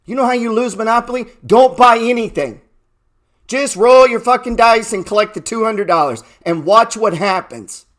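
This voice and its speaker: A man giving a trading talk, cursing often and firing rhetorical questions, swinging between loud bursts and low murmurs. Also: normal speed. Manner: profane, emphatic, rhetorical questions. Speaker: trading educator. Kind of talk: motivational talk.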